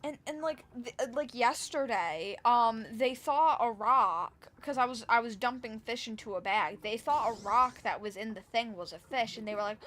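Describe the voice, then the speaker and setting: A woman's voice: on the high side, moderate pace, hardly any pauses, fairly bright tone. A young woman streaming a game and telling a rambling, exasperated story about work, full of restarts and fillers. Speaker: live streamer. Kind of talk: casual storytelling while gaming.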